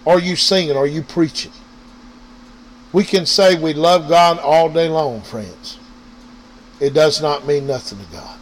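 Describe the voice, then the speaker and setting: A man's voice: a little high, measured pace, long pauses, a little hiss or hum, poor audio. Man preaching. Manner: preachy, repetitive, addresses listeners directly. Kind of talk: informal sermon. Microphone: online radio or podcast mic.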